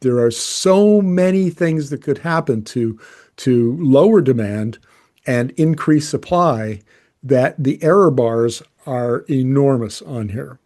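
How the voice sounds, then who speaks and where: A man delivers explanatory commentary as an energy journalist, in a mid-pitched, mellow voice. He speaks casually and with strong opinions, often breaking off and restarting his sentences as he works through the data. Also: expressive, slow pace.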